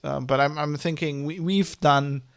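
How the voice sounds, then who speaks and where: Gravelly man ranting in a vlog. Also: on the high side, steady tone, measured pace, a bit bright, no echo. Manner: rambling, heated, swears, many restarts. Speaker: vlogger. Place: Germany.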